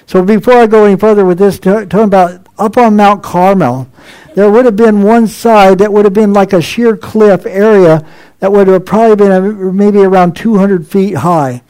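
A man's voice: high-pitched, steady tone, moderate pace, mellow, clean tone, poor audio. A man preaching a sermon, reading scripture aloud and commenting on it, chuckling at times at the humor in the text.

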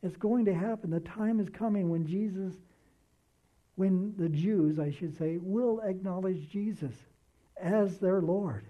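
A man's voice: sits high, slow. A man preaching a sermon as pastor, earnest, repeating key phrases for emphasis. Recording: tinny phone-like sound.

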